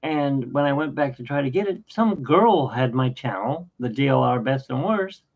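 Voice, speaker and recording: A man in his fifties hosting a podcast, rambling through anecdotes in a casual, halting way with many fillers. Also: medium pitch, animated, creaky. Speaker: podcast host. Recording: dull lo-fi sound.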